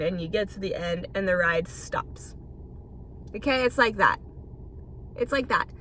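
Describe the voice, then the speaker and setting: A woman's voice: medium pitch, sharp tone, a little hiss or hum. A young woman hosting a casual solo podcast, rambling and swearing freely as she talks. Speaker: podcast host.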